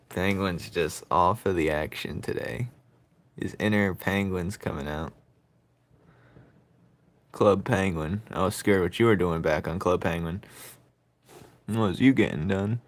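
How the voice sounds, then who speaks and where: A man's voice: low voice, takes it slowly, long pauses. A man chatting casually while he draws, playful and giggly, cracking silly jokes. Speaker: artist drawing on stream. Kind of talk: casual chat while drawing.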